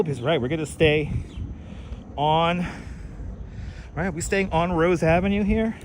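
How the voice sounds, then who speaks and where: A chatty man with a slightly high voice hosts a live stream as he walks outdoors through city streets and a park. He reads out and thanks viewers' comments in a relaxed, easygoing way. He speaks into a clip-on mic, with faint traffic behind him. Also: unhurried, pauses often. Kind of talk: casual live-stream walking tour chat. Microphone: wireless clip-on mic.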